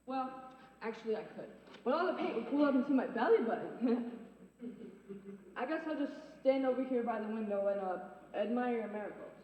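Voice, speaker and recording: A joking, easygoing neighbor, played by a man on stage, teases in a high voice that bounces around. A heavy hall echo hangs on every word. The sound is dull and muffled. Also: lively intonation, moderate pace, long pauses, a little hiss or hum. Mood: teasing. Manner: laid-back, joking, teasing. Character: easygoing, joking male neighbor who loves food. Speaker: stage actor. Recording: echoey, muffled hall recording from far off.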